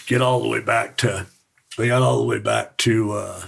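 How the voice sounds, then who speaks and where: Raspy, hoarse-sounding man from Utah, low-pitched, frank and rambling storyteller. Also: steady tone, normal speed, fairly bright tone. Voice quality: gravelly, raspy voice. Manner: frank, rambling, swears casually. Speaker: podcast guest. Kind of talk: casual storytelling.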